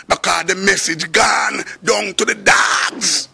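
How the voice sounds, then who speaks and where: A man's voice: sits high, steady tone, measured pace, vocal fry, hardly any pauses, bright, forceful tone, slightly rough. A man with a Jamaican accent makes an impassioned spoken appeal in a preaching, urgent way, sometimes slipping into sung phrases. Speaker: reggae artist.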